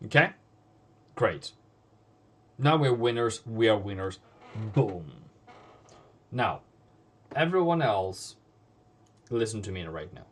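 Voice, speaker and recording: A man's voice: on the low side, lively intonation, slow pace, pauses often. A man with Norwegian as his first language hosts a live trading stream. He scolds bluntly and repeats phrases for emphasis. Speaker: forex trading livestream host.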